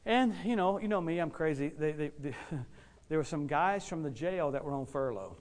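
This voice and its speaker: A middle-aged American man preaching and telling stories, swinging between loud outbursts and hushed asides. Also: a little high, animated, unhurried, pauses often. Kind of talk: sermon storytelling.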